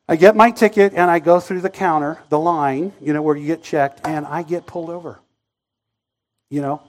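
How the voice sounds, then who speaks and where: A man preaching a sermon as a story, animated, swinging between loud outbursts and hushed, quiet passages. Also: fairly high pitch, moderate pace.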